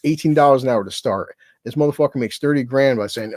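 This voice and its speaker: A man's voice: medium pitch, lively intonation, fast, darkish tone, no echo, studio quality. A man hosting his own livestream, talking in a loose, profane, rambling way and laughing often. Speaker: streamer. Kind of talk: casual livestream chat.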